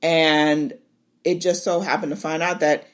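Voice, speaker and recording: A woman hosting a podcast, recapping an episode in a casual, animated way, laughing and exclaiming as she goes. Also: sits low, measured pace. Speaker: podcast host.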